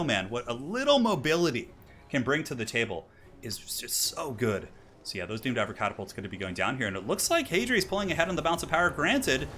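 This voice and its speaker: A man casting a strategy game tournament as live play-by-play commentary, with sudden excited high exclamations. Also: slight background noise. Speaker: esports caster.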